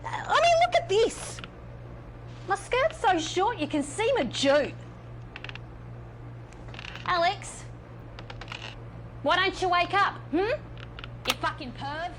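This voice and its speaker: A woman's voice: very high-pitched, big pitch swings, slow, long pauses, noisy background, exaggerated voice. An actress playing a sly, mocking female TV host who tempts the player toward bad choices, in a video game. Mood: irritated. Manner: teasing, mocking, purring. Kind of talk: video game live-action acting.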